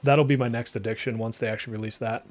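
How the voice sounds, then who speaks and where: With a steady, mid-range voice and a fast delivery, a thirtysomething Massachusetts man with a light local accent chats in a wandering way during a live game stream. He responds aloud to the gameplay as soft music runs behind him.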